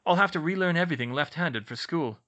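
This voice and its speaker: A man's voice: fairly high pitch, animated, fast, sharp tone, muffled recording, voice pushed up. A man doing a weary, good-natured young man. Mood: weary, friendly. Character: weary, injured but friendly young man.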